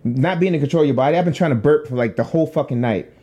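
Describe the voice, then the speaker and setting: A man's voice: fairly high pitch, racing. A young man, a podcast co-host, telling a long profane story in casual chat and acting out the voices in it. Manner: animated, profane storytelling with acted-out quotes.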